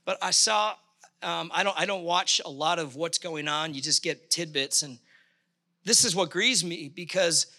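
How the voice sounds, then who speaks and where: High, bright impassioned male preacher. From Canada. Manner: impassioned, emphatic bursts, halting restarts. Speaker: pastor. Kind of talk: sermon.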